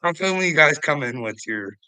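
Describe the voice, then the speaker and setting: A man's voice: a little high, expressive, normal speed, pushed and bright, smooth, no echo, low-quality recording. A man livestreaming to his chat, ranting in a profane, confrontational, goading way.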